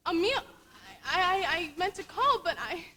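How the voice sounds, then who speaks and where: A teenage girl playing a bubbly but torn young Navy nurse in a school stage musical. Her voice is extremely high and bright. She talks in breathless, emotional, stammering pleas. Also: lively intonation, normal speed, slight background noise, heavily acted, low-quality recording. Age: late teens. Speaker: student actor in a school musical. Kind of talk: amateur stage musical acting.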